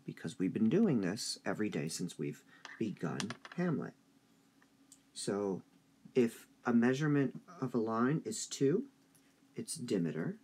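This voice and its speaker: A man teaching a high school English review lesson, speaking slowly and deliberately and drawing out stressed syllables. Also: a little mellow, husky.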